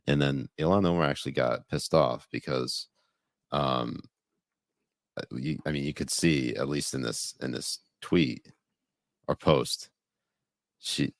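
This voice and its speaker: A man's voice: rumbling low, unhurried, long pauses, dry recording, clean studio sound. A man co-hosting a podcast, joking around in loose banter and often trailing off and restarting mid-sentence. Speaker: podcast co-host. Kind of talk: casual comedic banter.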